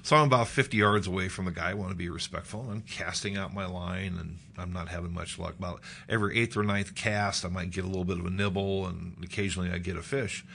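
A middle-aged man from Nebraska tells a personal story with a low, gravelly voice. He lifts his voice to act out what people said. Faint noise sits under the recording. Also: quick pace, hardly any pauses. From Nebraska, United States. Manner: animated storyteller, acts out quotes in a raised voice. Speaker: guest.

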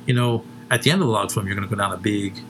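A man's voice: fairly low pitch, rapid-fire, a bit bright, a little hiss or hum. A man co-hosting a comedy show, rambling through crude stories with lots of swearing and laughing at his own jokes.

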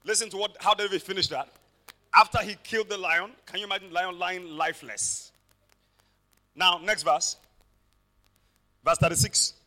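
A man preaching a sermon, telling stories dramatically and rising to shouted peaks. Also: high voice, fairly even intonation, normal speed, pauses often.

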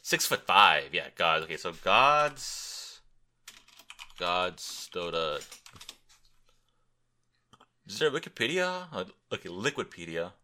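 Hosting solo, a tired young man rambles through his podcast, making crude jokes and talking through his thoughts while he looks things up. His low-sitting voice is very animated and sharp, slow in pace and broken by frequent pauses.

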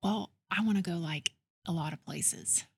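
A woman's voice: on the low side, gravelly, slightly rough. A middle-aged woman speaking as a podcast guest in casual chat, earnest and reflective, talking through her answers. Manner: earnest, reflective, quick to list things. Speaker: guest, real estate executive.

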